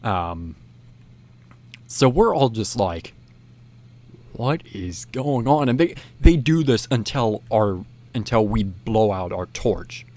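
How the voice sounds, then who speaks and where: A man casually recounting a story, rambling with many restarts and filler phrases, animated as he goes. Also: lowish voice, takes it slowly. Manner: rambling, frequent restarts and "you know"; animated, acts out whispered quotes.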